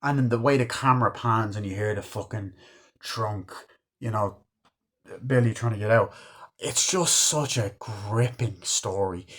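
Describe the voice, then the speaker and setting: A man talks casually about a favourite film, rambling from scene to scene with plenty of fillers. He swears freely and sounds openly enthusiastic. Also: on the low side. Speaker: movie reviewer. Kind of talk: casual film review chat.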